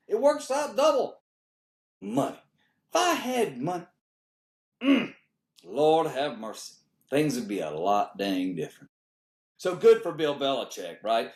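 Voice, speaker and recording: A man doing a comedic monologue, jumping between high exclamations and low muttered asides. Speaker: comedian host. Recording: roomy echo.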